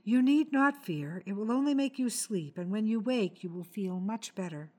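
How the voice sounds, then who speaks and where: A woman's voice: medium pitch, expressive, moderate pace, darkish tone, lightly acted. Woman reader as a steely young heroine, firm and threatening, storybook reading. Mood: coaxing. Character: resolute young woman, cold and commanding.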